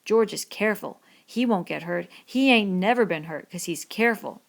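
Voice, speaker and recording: A woman's voice: mid-range voice, lively intonation, normal speed, creaky. A woman reading the part of a big, childlike farmhand man who speaks simply and repeats himself, in an audiobook. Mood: anxious.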